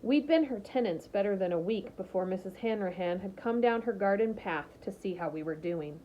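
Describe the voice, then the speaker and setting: A woman narrates a novel aloud in a steady, expressive storytelling voice. Her pitch sits in an ordinary middle range. The recording is slightly muffled and lo-fi. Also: a little fast, slight background noise.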